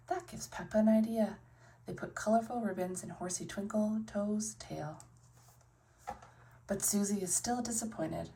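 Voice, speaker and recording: A woman reading a children's picture book aloud and narrating toy play, in a soft, hushed voice with playful voices for the characters. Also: on the low side, measured pace, distant mic. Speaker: storyteller playing with toys.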